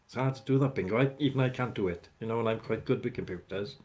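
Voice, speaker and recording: A man's voice: fairly low pitch, fast, darkish tone. A man hosting a casual livestream, rambling as he chats with viewers by name. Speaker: livestream host chatting with viewers. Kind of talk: casual live chat.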